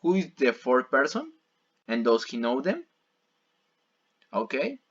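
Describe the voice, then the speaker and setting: Slow, patient male English teacher. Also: mid-range voice, huge pitch swings, slightly rough, dull audio. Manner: repeats and rephrases each example patiently. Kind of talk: bilingual classroom explanation.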